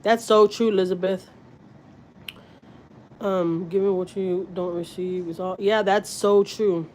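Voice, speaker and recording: A woman's voice: mid-range voice, fairly even intonation, unhurried, darkish tone, a little hiss or hum, poor audio. A woman, chatting candidly and at length with viewers on a livestream from her home. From Houston, Texas. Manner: candid, rambling, confiding. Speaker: family vlogger on a livestream. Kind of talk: casual livestream chat.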